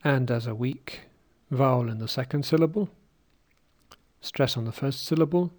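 A man teaching pronunciation, slowly saying words one at a time for listeners to repeat. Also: mid-range voice, darkish tone. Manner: slow, deliberate, says each word on its own; takes words again after a slip. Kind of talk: slow pronunciation drill.

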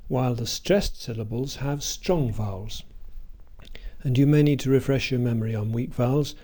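A man giving a scripted pronunciation lesson, speaking carefully and deliberately with example sentences. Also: mid-range voice, mellow. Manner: slow, careful, deliberate delivery with spoken examples. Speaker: pronunciation teacher. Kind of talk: scripted instructional narration.

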